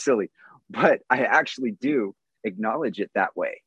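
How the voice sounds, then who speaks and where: A man's voice: fairly low pitch, animated, normal speed, a bit bright, slightly rough, dry recording, muffled recording. A man in his thirties giving an earnest, candid personal testimony at a recovery meeting, answering questions with small self-deprecating laughs.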